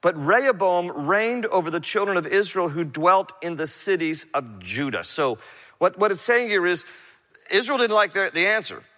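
A man's voice: sits high, expressive, normal speed, sharp tone. A man preaching an expository sermon, reading scripture and retelling it in casual, slangy paraphrase for his congregation. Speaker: pastor. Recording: long hall reverb.

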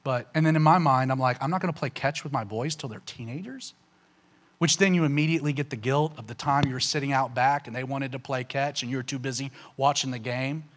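A man telling a personal faith testimony to an audience, in a casual, conversational way with lots of "you know" and "man", getting animated at the emotional peaks. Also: a little fast. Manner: animated, rising sharply in pitch on emotional punchlines. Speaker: speaker giving a personal testimony.

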